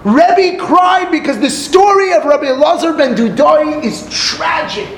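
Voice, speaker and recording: A man's voice: extremely high pitch, unhurried, echoey room, a little hiss or hum, rough recording. A man giving a sermon on a Talmud story, telling it dramatically with acted quotes and Hebrew phrases. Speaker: rabbi teaching Talmud.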